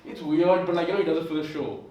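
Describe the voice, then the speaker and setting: A man's voice: fairly high pitch, fairly even intonation, quick pace, muffled recording. A sick young man doing stand-up comedy in a rambling, filler-heavy way. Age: young adult. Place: comedy club stage, indoors. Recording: echoey room heard from far off.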